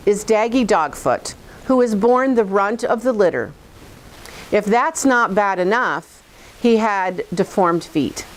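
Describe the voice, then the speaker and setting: A woman teacher giving a book talk and reading a story aloud expressively. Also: mid-range voice. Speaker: fourth grade teacher.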